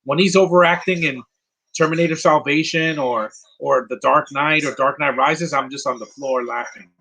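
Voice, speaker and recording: A man giving casual live movie commentary, rambling and answering viewers' questions with quick opinions. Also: a little high, bright, forceful tone, rough recording.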